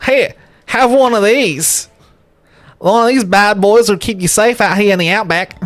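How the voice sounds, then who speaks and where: A man's voice: high voice, a little slow, a bit bright, no echo, voice pushed up. A man voicing a boisterous, cheery male professor from the outback, with a slangy Australian accent that drifts. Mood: hearty.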